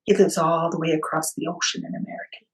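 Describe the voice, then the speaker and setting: A woman's voice: low-pitched, level tone, quick pace, close to an everyday voice. A woman voicing a determined young woman who speaks earnestly and insistently. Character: determined young woman, startled but bold.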